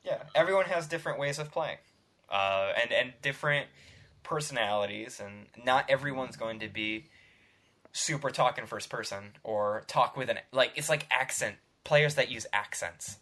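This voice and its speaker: Rambling, laughing podcast host. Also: male voice, medium pitch, moderate pace, bright, forceful tone. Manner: rambling, laughs between phrases. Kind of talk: casual chat.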